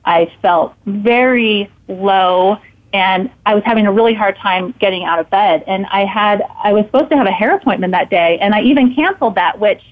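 A woman guest telling a personal story in casual conversation, animated and acting out her own thoughts in quotes. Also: mid-range voice, normal speed. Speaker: podcast guest and author. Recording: tinny phone-like line.

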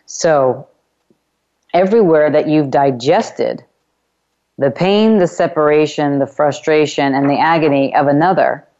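Woman hosting a self-help radio show, low mellow voice, emphatic, kinda muffled lo-fi sound. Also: a little slow. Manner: repeats chanted clearing phrases. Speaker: call-in radio show host. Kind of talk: self-help call-in talk.

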